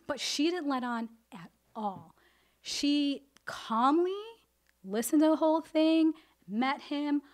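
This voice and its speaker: High-voiced, animated woman storyteller. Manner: animated, acts out family dialogue. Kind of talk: live storytelling performance.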